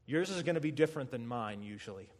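A man preaching a sermon, telling stories with animation and acting out quotes with sudden shouts. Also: mid-range voice, quick pace. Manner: animated storytelling, acts out quotes with loud shouts.

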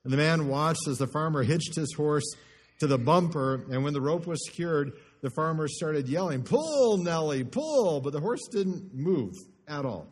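A man's voice: on the high side, moderate pace, husky. A man preaching a sermon to his congregation, telling stories with varied pace and emphasis. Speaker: pastor. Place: church sanctuary before a congregation. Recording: long church reverb.

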